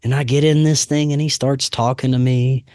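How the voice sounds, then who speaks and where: A man's voice: medium pitch, flat delivery, normal speed, darkish tone, dry recording. Laid-back man, dry sound. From Louisiana, US. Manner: laid-back, peppers talk with "man" and "dude". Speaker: podcast host. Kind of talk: casual storytelling.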